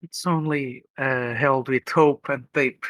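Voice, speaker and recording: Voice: mid-range voice, fairly even intonation, takes it slowly, fairly bright tone, dry recording. Hesitant stammering co-streamer. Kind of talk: casual stream chat.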